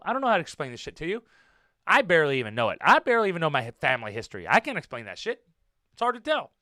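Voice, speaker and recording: An American man hosting a casual wrestling podcast, talking in an animated, blunt way, swearing now and then and repeating himself for emphasis. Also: fairly high pitch, clear, resonant tone, dry recording, clean studio sound. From United States. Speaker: podcast host and professional wrestler.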